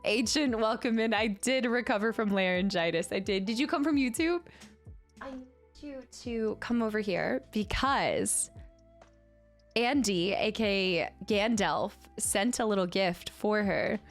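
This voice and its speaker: A woman's voice: medium pitch, measured pace, soft background music. A young woman chatting casually on a livestream in a bubbly way, thanking viewers and cooing at her pet.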